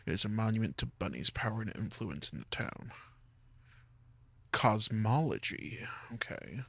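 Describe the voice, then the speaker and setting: A man's voice: fairly low pitch, big pitch swings, moderate pace, vocal fry, a bit bright, slightly rough, no room sound. A man streaming a game, reading its lore text aloud and joking about his own slips. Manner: reads in-game text aloud, stumbles and jokes at himself.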